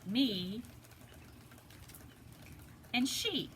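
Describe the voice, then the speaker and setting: A woman teaching a phonics lesson to preschoolers, sounding out letters slowly and deliberately, recorded at home. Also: on the high side, sing-song. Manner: slow, deliberate, sounds out letters for little kids. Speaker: pre-K teacher. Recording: noisy home video recording.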